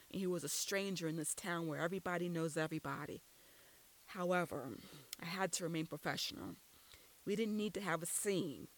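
Woman narrating a first-person story; steady, scripted read. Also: fairly low pitch, poor audio. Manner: steady storytelling with quoted dialogue.

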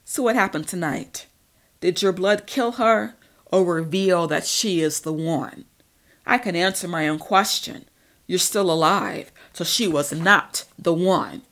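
Stern ancient male vampire, warns gravely, read by a woman, lowish voice. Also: a little slow, a bit bright. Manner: grave, warning. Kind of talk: audiobook reading.

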